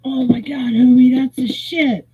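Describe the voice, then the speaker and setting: A storyteller putting on an excited young dude. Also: high-pitched, a little slow, slightly rough, voice pushed up, heavily acted. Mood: thrilled. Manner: slangy, excited. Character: laid-back young male festival dude. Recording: tinny phone-like audio.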